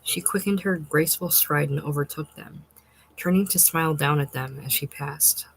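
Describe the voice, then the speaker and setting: A narrator reading a literary short story in a measured, unhurried and expressive way. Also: mid-range voice, creaky, a little hiss or hum, poor audio.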